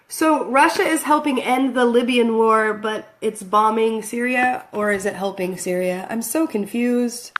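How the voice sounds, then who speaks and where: A woman's voice: a little high, steady tone, moderate pace, hardly any pauses. Rambling woman vlogger, self-mocking. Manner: rambling, self-deprecating, laughs often. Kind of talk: casual talk to camera. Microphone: phone camera.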